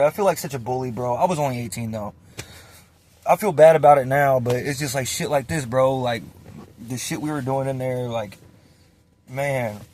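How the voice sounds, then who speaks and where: A man's voice: medium pitch, normal speed. A young man telling a casual, profane story, acting out what others said. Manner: animated, swearing, acts out quotes.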